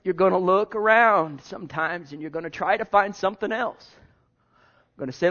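A male pastor preaching a sermon in a conversational way, repeating himself and jumping from hushed asides to loud bursts. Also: a little high, lively intonation, a little fast. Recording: dull lo-fi sermon recording.

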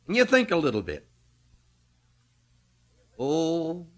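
A man preaching a sermon, slow and emphatic, rising and falling sharply in pitch and loudness. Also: sing-song.

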